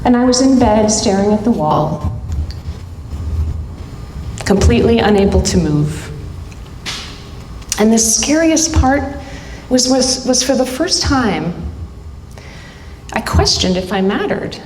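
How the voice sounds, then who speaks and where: Middle-aged woman storyteller, unhurried and pausing, heard in a roomy hall with a long reverb tail. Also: on the high side, expressive, a little mellow, a little hiss or hum. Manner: deliberate, dramatic pauses between short phrases. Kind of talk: live storytelling performance. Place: stage at a live event hall.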